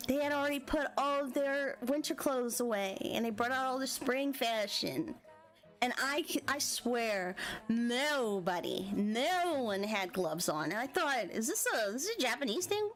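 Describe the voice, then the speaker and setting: An American woman telling a travel story in casual, chatty vlog talk, giggling often and animated. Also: fairly high pitch, a little slow, soft background music. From United States. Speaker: vlogger.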